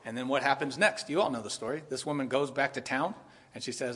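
A man's voice: medium pitch, fast talker, breathy edge. Man preaching in an echoing hall. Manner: animated, emphatic preaching with repetition. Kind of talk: sermon.

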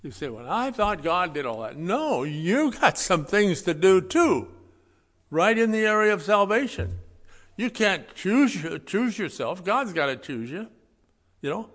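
Emphatic preacher in a reverberant hall. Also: male voice, high voice, very animated, a little slow. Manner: emphatic, swings between loud stresses and quiet asides; folksy, conversational preaching. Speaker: pastor. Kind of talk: sermon.

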